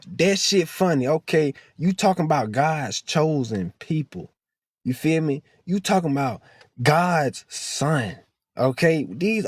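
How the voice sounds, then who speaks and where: A man's voice: a little high, darkish tone, no echo. A man vlogging in a heated, preachy monologue, swearing freely and close to tears. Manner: impassioned, preachy, profane. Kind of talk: emotional direct-to-camera monologue.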